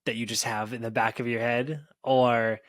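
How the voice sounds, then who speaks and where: A man's voice: medium pitch, little pitch movement, moderate pace, no room sound, clean studio sound. A man hosting a podcast who asks long, rambling questions full of restarts and fillers. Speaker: podcast host. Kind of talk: casual interview chat.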